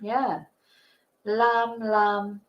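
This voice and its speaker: A woman's voice: medium pitch, level tone, drawn-out words, muffled recording. A woman hosting a casual live-stream quiz, chatting, laughing and thinking aloud as she reads the questions. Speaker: host.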